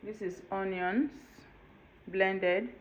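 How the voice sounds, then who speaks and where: A woman's voice: medium pitch, steady tone, drawn-out words. A woman hosting a home cooking tutorial, explaining each step in a chatty way and checking in with the viewer. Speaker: cooking channel host. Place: home kitchen. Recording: dull lo-fi home video with faint room noise.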